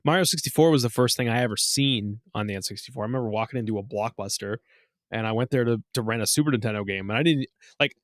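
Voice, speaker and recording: A man in his thirties co-hosting a casual podcast, telling animated stories with lots of swearing. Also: fast, no echo, studio quality. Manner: animated storyteller, swears, acts out quotes in high voices. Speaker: podcast co-host. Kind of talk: casual chat.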